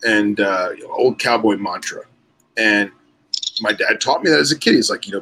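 A man speaking as a guest on a casual podcast, relaxed and peppering his speech with "you know". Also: fairly low pitch, moderate pace, a little hiss or hum, low-quality recording.

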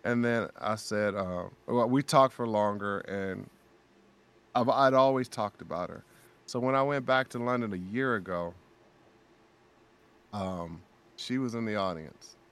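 A man's voice: on the low side, measured pace, long pauses, smooth. A man guest on a podcast, telling an emotional story in a casual chat, acting out the quotes as he goes. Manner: emotional, animated retelling with acted quotes.

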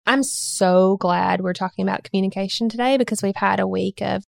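A woman in her thirties co-hosting a parenting podcast, telling stories with animated, expressive delivery. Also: mid-range voice, brisk, vocal fry, few pauses, no echo, clean studio sound. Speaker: regular podcast co-host. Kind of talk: casual parenting chat.

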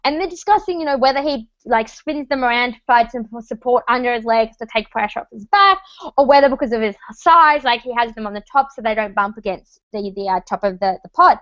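A woman's voice: a little high, lively intonation, a little fast, fairly bright tone, no echo, highs cut off. An Australian woman co-hosting a podcast in casual chat, laughing often and acting out quotes in put-on voices. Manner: chatty, laughing, acts out quotes in mock voices. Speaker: podcast co-host.

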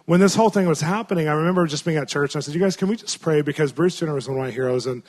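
Guy preaching casual and earnest, lots of likes and restarts, voice a bit high. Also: racing, darkish tone. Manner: earnest, conversational, many fillers and restarts. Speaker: pastor. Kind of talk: sermon storytelling.

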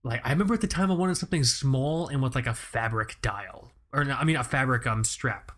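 Man, young adult, podcast host, casual storytelling, lots of restarts, medium pitch. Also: brisk, fairly bright tone. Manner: rambling, storytelling with many restarts. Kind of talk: casual chat.

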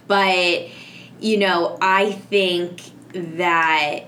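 A woman's voice: on the low side, fairly even intonation, drawn-out words, sharp tone, a little hiss or hum. A woman, a mother of two, talking casually about parenting and rambling with lots of fillers and restarts.

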